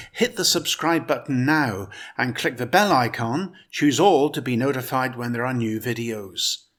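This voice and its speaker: Man giving a measured pronunciation lesson. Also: medium pitch, a bit bright. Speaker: pronunciation teacher. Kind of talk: scripted instructional narration.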